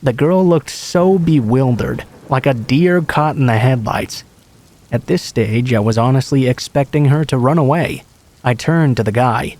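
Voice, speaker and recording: Male narrator, mid-pitched, calm even read of a true horror story. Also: a little slow.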